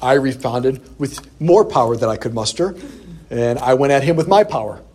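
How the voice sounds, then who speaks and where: A priest preaching a sermon, telling a personal story in an animated way and acting out the quoted lines. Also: male voice, medium pitch, moderate pace, husky.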